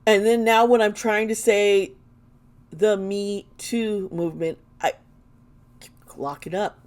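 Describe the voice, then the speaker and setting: A woman's voice: mid-range voice, steady tone, takes it slowly, a little mellow. A woman doing an intuitive tarot reading for her vlog, earnest and emotional, often trailing off mid-sentence. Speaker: tarot reader.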